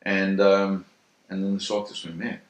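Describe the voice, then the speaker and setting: A man in an interview telling a first-hand story in a vivid, animated way, acting out the sounds and voices. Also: low voice, moderate pace. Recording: roomy echo.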